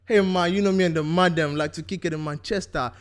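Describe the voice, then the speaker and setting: A man's voice: on the high side, fairly even intonation, quick pace, close to an everyday voice. A man putting on the voice of a swaggering young London lad, with slangy, boastful banter. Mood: cocky.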